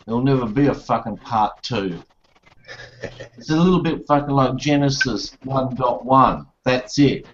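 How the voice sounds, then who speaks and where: A man in casual banter on a video call, loud and joking, swearing a lot. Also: mid-range voice, measured pace, slight background noise. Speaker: hangout participant. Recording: dull lo-fi video call audio.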